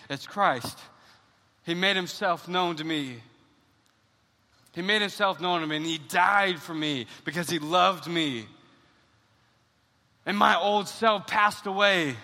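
High bright-voiced man preaching in a hall. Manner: animated storytelling, repeats words when excited. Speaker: pastor. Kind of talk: sermon with personal story. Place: church. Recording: long church hall reverb.

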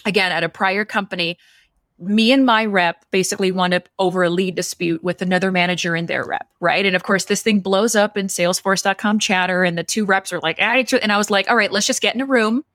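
A woman's voice: mid-range voice, fairly quick, no room sound, studio quality. A woman in casual podcast talk, telling a story and acting out the dialogue with lots of energy. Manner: animated, acts out quoted dialogue.

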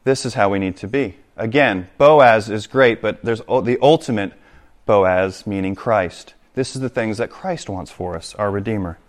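A man's voice: fairly low pitch, normal speed. A man preaching a sermon to his congregation, reading scripture aloud and explaining it with direct appeals to his listeners. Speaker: pastor.

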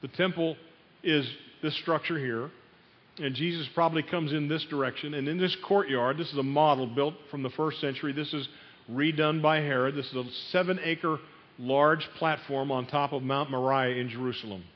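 A man's voice: on the high side, fairly even intonation, moderate pace. A man preaching a sermon, telling a story and putting questions to his listeners. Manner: storytelling, asks the audience questions. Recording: dull sound in a long-reverb hall.

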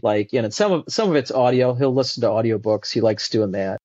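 A man talking as a podcast guest in a casual, animated way, with many fillers and restarts. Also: mid-range voice, a little fast, dry recording. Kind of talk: casual conversational interview. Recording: dull lo-fi dry sound.

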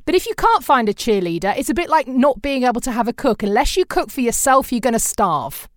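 A woman's voice: on the high side, sing-song, a little fast, no room sound, studio quality. A British woman hosting a podcast in a casual interview chat, cheering her guest on in an encouraging way. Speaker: podcast host.

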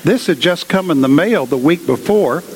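A man's voice: on the high side, expressive, normal speed, slightly rough. A man preaching in a large cathedral, retelling a story in a conversational way full of asides. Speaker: guest speaker at a cathedral. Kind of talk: storytelling sermon. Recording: long cathedral reverb.

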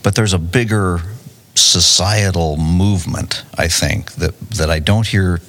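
A man's voice: deep voice, measured pace, fairly bright tone. A man, a company CEO, answering questions in a podcast interview with confidence, restarting and repeating words as he goes. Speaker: tech company CEO, guest. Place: conference venue.

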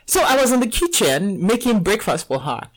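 A woman's voice: mid-range voice, moderate pace, rough recording. A woman in her thirties with a Nigerian accent, hosting a casual podcast and telling stories with lots of laughter and acted-out dialogue. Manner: animated storyteller, laughs often, acts out dialogue. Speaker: podcast host and fitness coach.

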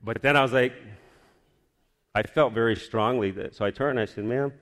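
A man's voice: mid-range voice, moderate pace. A man telling a personal faith story in a casual, rambling way, with many restarts. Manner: rambling, restarts often, animated retelling. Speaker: storyteller sharing a personal testimony. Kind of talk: casual spoken testimony.

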